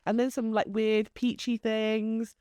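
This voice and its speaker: A woman's voice: on the high side, flat delivery, unhurried, mellow, smooth, no echo. A woman co-hosting a casual chat, talking freely and laughing often. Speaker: podcast co-host.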